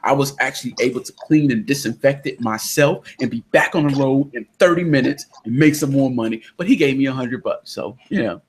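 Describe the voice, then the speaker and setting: A man hosting a casual online discussion with a Southern American accent, telling a story in an animated way and acting out the people in it. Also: mid-range voice, fairly quick, few pauses, a little hiss or hum. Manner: animated storyteller, acts out quotes loudly. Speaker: podcast host. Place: indoors during a thunderstorm. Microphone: online call connection.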